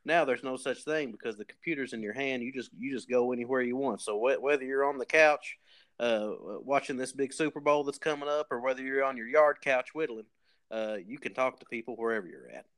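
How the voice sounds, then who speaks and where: A man's voice: medium pitch, fairly quick. A man with a Kentucky drawl who talks in loose, folksy rambles. He plays his comic boasts completely straight and keeps restarting his sentences. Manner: rambling, folksy, deadpan tall tales with many restarts. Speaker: podcast guest posing as a communication expert. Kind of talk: comedic podcast banter.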